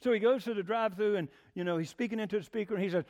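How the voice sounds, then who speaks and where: Folksy high-voiced preacher. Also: male voice, very fast. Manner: folksy storytelling, lively and plainspoken. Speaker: pastor. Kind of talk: sermon.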